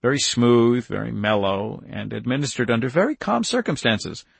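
A man voicing a relaxed, wry young male undergraduate in a dry studio recording. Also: medium pitch, moderate pace, creaky, slightly rough, dry recording. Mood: easygoing.

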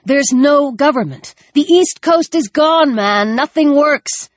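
A man's voice: very high-pitched, expressive, slow, no echo, pitched above the performer's own voice, exaggerated voice. A woman voicing a desperate male soldier, pleading urgently with a raised voice.

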